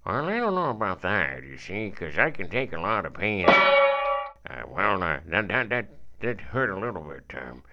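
A man's voice: deep voice, big pitch swings, moderate pace, dull audio. A man playing a stubborn tied-up male captive in a homemade comedy skit, rambling and hesitant with many fillers. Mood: protesting. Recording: loud music over the voice. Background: loud music.

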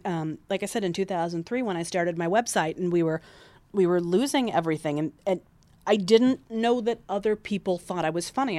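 A woman's voice: medium pitch, a little mellow, no room sound. Chatty woman author, dry close sound. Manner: chatty, self-deprecating, quick anecdotes with frequent restarts. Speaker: author guest. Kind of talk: interview storytelling.

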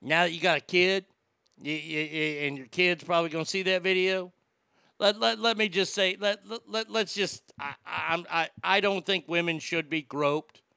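A brash man rants through his talk segment, stumbling over restarts as he pushes his point. His voice sits high and gravelly with a sharp, bright edge. The sound is dry and close, with no room around it. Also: fairly even intonation, moderate pace, dry recording. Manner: brash, ranting, stammering restarts. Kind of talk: opinionated talk commentary.

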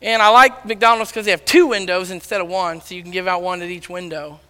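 A man preaching a sermon, loudly telling stories and acting out the dialogue. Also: high voice, steady tone, a little fast, smooth. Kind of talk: sermon storytelling. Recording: long reverb of a large hall.

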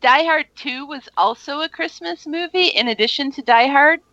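A woman co-hosting a casual movie chat in a lively, bantering way. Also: high-pitched, normal speed, no echo, highs cut off. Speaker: podcast co-host.

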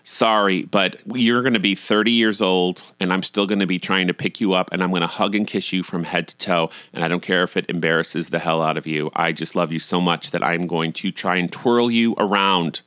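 A middle-aged man hosting a podcast, telling a personal story in a candid, self-deprecating way and getting animated when he acts out scenes. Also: sits low, fairly quick, hardly any pauses, clean tone, no echo, studio quality. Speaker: podcast host.

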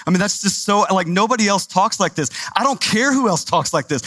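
Man, pastor, sermon, conversational and emphatic, fairly high voice. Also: brisk, hardly any pauses, fairly bright tone, dry recording. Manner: conversational, emphatic, repeats words for stress.

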